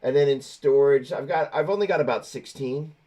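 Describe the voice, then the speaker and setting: A man's voice: mid-range voice, a little fast, mellow. A man hosting a casual chat, telling stories with many restarts. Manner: rambling, self-correcting storyteller. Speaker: host.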